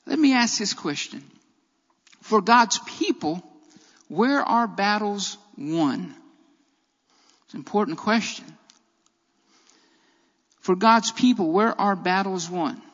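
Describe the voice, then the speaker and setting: A man with a strikingly high voice preaches a sermon, driving his points home by repeating key phrases. His words ring out with a long reverb, as if filling a church. The sound is dull and lo-fi. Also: creaky, fairly bright tone.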